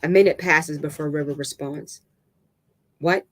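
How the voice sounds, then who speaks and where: A storyteller reading a dramatic novel aloud in a steady middle pitch, sometimes tripping over a word and starting again. The delivery is plain and unpolished. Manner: halting reading with restarts and stumbles. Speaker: narrator.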